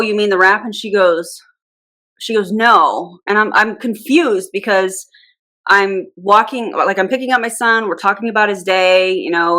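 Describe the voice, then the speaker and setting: A woman's voice: medium pitch, pushed and bright. A woman in her thirties telling a rambling storytime in a casual vlog, acting out the dialogue. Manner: chatty and rambling, with quoted dialogue. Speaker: anti-MLM YouTuber.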